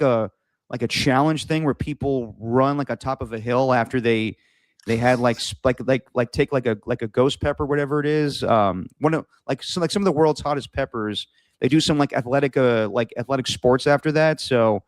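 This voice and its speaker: A man's voice: mid-range voice, dry recording. Rambling, casual sports podcast guy. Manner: rambling, lots of "like" and restarts. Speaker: podcast co-host.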